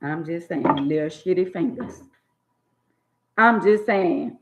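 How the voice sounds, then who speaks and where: An older woman, scolding in a blunt, preachy monologue on her channel. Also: fairly low pitch. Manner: drawn-out emphatic words. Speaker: channel host. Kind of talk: opinionated monologue. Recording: dull lo-fi phone audio.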